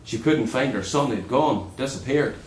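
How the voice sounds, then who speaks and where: A man preaching a sermon in an earnest way, dropping low and soft on key words. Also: moderate pace, reverberant, slight background noise, poor audio.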